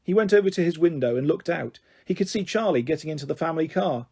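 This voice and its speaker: A male storyteller with a husky voice reading a children's book aloud. His pitch sits a little high and moves a lot, giving the narration a lively, expressive lilt. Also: fast. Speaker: audiobook reader.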